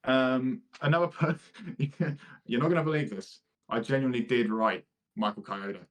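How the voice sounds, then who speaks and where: A young man co-hosting a casual podcast, relaxed and easygoing, bantering with laughs. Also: mid-range voice, moderate pace. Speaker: podcast co-host. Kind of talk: casual chat.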